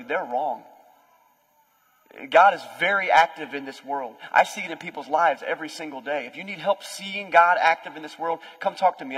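A young adult man, a pastor, preaching a conversational sermon with lively storytelling. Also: on the high side, slightly rough. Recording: long hall reverb.

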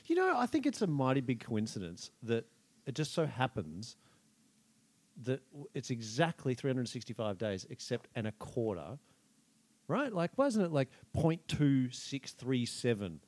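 A man's voice: medium pitch, huge pitch swings, a little slow, a little mellow. A man hosting a casual podcast chat with friends, joking and playfully contrarian. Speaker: podcast host.

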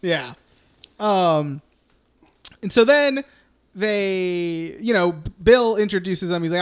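A young man co-hosting a casual film podcast, recapping scenes, swearing freely and acting out characters in quick voices. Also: high-pitched, expressive, clear, resonant tone. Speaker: podcast co-host.

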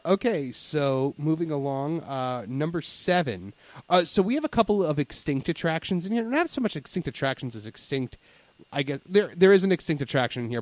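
A man's voice: medium pitch, dry recording. Male podcast co-host, casual, rambling, dry close sound. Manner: rambling, many fillers and restarts. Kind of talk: casual chat.

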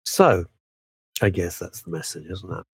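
A man's voice: low-pitched, unhurried, vocal fry, husky, no echo. A man, a veteran broadcaster talking as a guest in a podcast interview, emphatic and full of asides. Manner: animated, emphatic, frequent laughs and asides.

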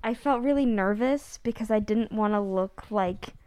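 A woman's voice: medium pitch, moderate pace, clear, resonant tone. A woman not from the Midwest, chatting casually and animatedly as a cast member on a talk show. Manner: animated, rambling, many "like"s. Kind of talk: casual chat.

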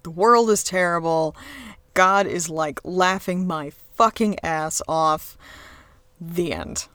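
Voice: medium pitch, takes it slowly, pushed and bright, clear, resonant tone, dry recording, clean studio sound. A TV reviewer talking casually and sarcastically, rambling with restarts and swearing freely. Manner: frequent restarts and fillers. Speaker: episode reviewer.

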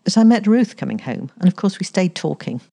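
A woman reading aloud who voices a headstrong, lofty young woman, a little higher than her narration. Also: sing-song, brisk, gravelly, dark tone, husky, full character voice. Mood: spirited.

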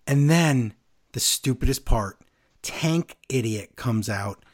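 A man co-hosting a casual wrestling recap podcast, sarcastic and lively as he runs through the night's events. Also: medium pitch, slow. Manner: animated, sarcastic play-by-play.

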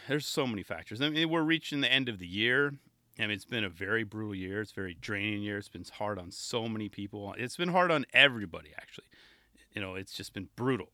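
A man's voice: medium pitch, bright, forceful tone, dry recording, clean studio sound. A man hosting a podcast on his own, chatting casually and enthusiastically, often restarting his sentences. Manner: rambling, enthusiastic, self-interrupting. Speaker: podcast host. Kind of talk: casual solo podcast talk.

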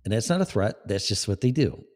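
A man's voice: fairly low pitch, lively intonation, brisk, a little mellow. Blunt sarcastic man hosting a live show. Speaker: podcast host. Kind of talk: casual live-show monologue.

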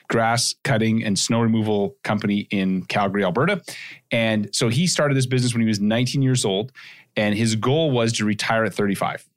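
A man hosts a solo podcast and tells a business story with lively energy. He talks fast in a fairly low voice and throws in quick asides. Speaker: podcast host.

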